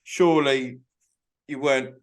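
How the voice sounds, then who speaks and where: A man's voice: mid-range voice, steady tone, a little slow. A man, co-hosting a podcast in casual chat, rambling and crude, with a lot of swearing. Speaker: podcast co-host.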